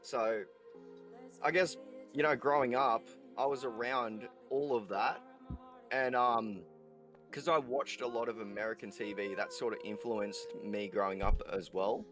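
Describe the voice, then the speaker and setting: A man's voice: mid-range voice, fairly even intonation, a little slow, music in the background. An Australian man, a streamer guest on a podcast, chatting casually and loosely with lots of swearing and fillers.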